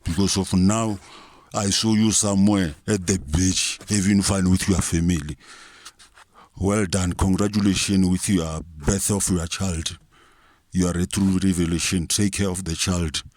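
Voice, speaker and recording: A South African man with a lowish voice rambles through a comic rant, swearing freely and sermonizing in mock earnest. The sound is dry and close, with no room around it. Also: a little mellow, no echo. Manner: rambling, profane, mock-preachy. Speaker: comic storyteller.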